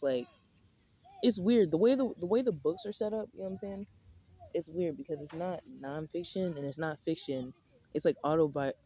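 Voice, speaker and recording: A man's voice: on the high side, dark tone. A young man rambling casually outdoors in a park, full of slang, swearing and filler words. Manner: rambling, profane slang-heavy talk with many fillers. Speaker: vlogger.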